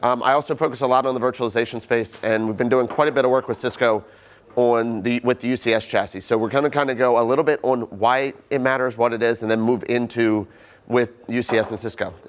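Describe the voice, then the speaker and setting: A man's voice: medium pitch, steady tone, fast talker. Casual man giving a tech sales talk. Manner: casual, loose wording with frequent 'kinda'. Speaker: sales engineer. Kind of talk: conference product presentation.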